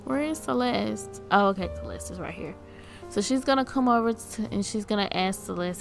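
A woman's voice: medium pitch, animated, moderate pace, creaky, soft background music. A woman casually narrating a life-sim game, chatty and amused, talking to the characters on screen. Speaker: game streamer.

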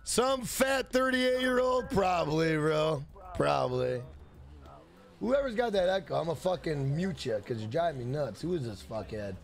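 A man's voice: a little high, lively intonation, moderate pace, gravelly. A man chatting casually on a game live stream, rambling and swearing. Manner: profane, rambling banter.

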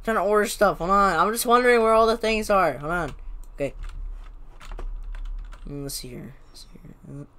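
A woman chatting frantically while playing a co-op cooking game, swearing, laughing and shouting orders at her teammate. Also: mid-range voice, moderate pace, long pauses. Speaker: gamer. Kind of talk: casual co-op gameplay chat.

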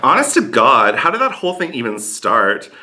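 A man's voice: medium pitch, huge pitch swings, normal speed, pushed and bright. A young man doing a comic monologue in a sarcastic, mocking way. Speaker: comedian.

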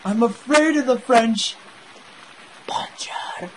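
Sarcastic man doing slow game commentary. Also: very high-pitched, very noisy. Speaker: gaming video host.

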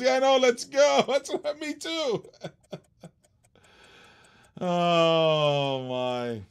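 A man's voice: a little high, smooth. A man hosting a live-stream auction in casual chat, laughing often and teasing the bidders.

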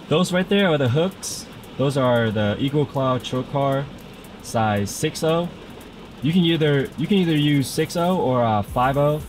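A man's voice: a little high, a little mellow. Laid-back man narrating his fishing vlog outdoors. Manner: laid-back, says "man" often, explains gear to viewers. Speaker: fishing vlogger. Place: outdoors on a fishing pier in rain and wind. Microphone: camera-mounted mic. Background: wind, rain and outdoor ambience.

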